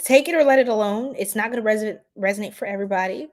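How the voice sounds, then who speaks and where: A woman's voice: medium pitch, rapid-fire. A woman with a New York accent hosting a casual astrology livestream, sassy and playful, laughing often and repeating herself.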